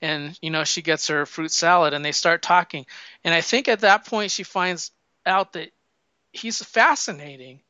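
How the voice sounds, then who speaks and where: A man chatting casually about a film, telling the story in an animated way and acting out the lines. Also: on the high side, normal speed, smooth, no room sound. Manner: animated storyteller, acts out quotes. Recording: dull lo-fi sound.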